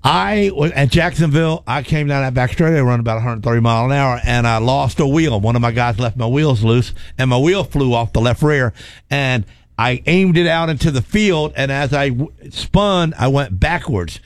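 A man's voice: medium pitch, normal speed, no room sound. A man spinning a long racing yarn in loose, rambling talk, often stumbling over his words. He is recorded dry and close, with no room sound. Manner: rambling storyteller, repeats words, laughs. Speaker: race car driver telling stories. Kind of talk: casual chat.

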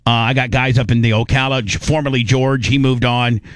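A man's voice: mid-range voice, flat delivery, a little fast, dry recording. Rambling male radio host. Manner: rambling, loose, with many fillers. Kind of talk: casual radio banter.

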